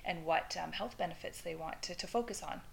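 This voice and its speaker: A woman's voice: lowish voice, fairly quick, creaky, a little hiss or hum. A woman co-hosting a podcast interview, affirming with frequent mm-hmms. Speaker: podcast co-host.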